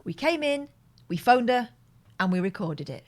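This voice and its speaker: A woman's voice: fairly high pitch, very animated, moderate pace. A woman co-hosting a radio show, teasing and telling a story in casual banter. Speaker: radio co-host.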